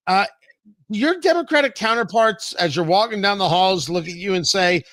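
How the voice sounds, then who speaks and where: Bright, high-voiced talk show host. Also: male voice, animated, no room sound. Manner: brisk, opinionated, some stumbling restarts. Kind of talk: political talk show interview.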